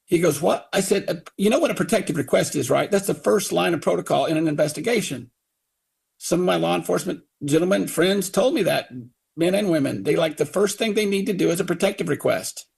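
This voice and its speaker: Upset middle-aged father, gravelly voice, retells and mimics officials. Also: sits high, fairly quick, a little mellow. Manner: indignant, quotes others in put-on voices. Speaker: father of a victim, radio guest. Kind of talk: angry retelling on talk radio.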